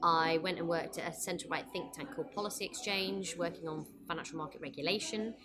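A woman guest chatting over lunch in a restaurant, quick and self-deprecating, with many fillers. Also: fairly low pitch, background noise. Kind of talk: casual chat over lunch. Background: background music.

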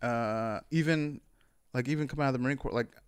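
A man's voice: medium pitch, a little fast, smooth, dry recording. A man hosting his own podcast in a loose, rambling chat, full of fillers and casual swearing. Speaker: solo podcast host.

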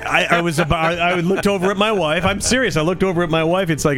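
A man's voice: sits high, fairly even intonation, fast talker, few pauses, fairly bright tone, soft background music. A man co-hosting a podcast in casual chat, telling stories in a rambling, conversational way with frequent restarts. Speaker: podcast co-host.

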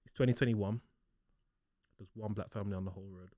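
A man's voice: on the low side, fast talker, no room sound, clean studio sound. A man, arguing animatedly and laughing in a casual podcast chat. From Liverpool, England. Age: 20s. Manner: animated, argumentative, laughing, London-style slang. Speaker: podcast co-host.

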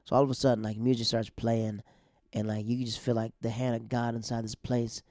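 A man in his thirties with a mellow, warm voice tells a personal story in a casual, rambling way. His words are loose and full of slang fillers. He drops almost to a whisper when quoting people, and the sound is dry and close. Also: medium pitch, level tone, a little fast, no room sound.

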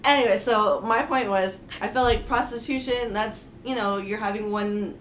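A woman's voice: mid-range voice, normal speed. Chatty woman in an echoey room. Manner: chatty, emphatic, many fillers. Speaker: podcast co-host. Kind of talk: casual chat about a book. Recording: roomy echo, faint hiss.

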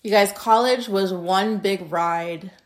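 A woman's voice: mid-range voice, takes it slowly. Blunt, profane young woman telling stories. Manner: rambling, profane and blunt, with frequent tangents; loudness swings between emphatic bursts and muttered asides. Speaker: podcast host. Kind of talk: casual storytelling monologue.

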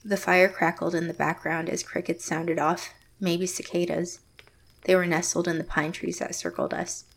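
An actress playing a closed-off, reserved young woman, narrating her story in first person in a quiet, measured way. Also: on the low side, little pitch movement, creaky, a little hiss or hum. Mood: guarded. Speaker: narrator and lead character.

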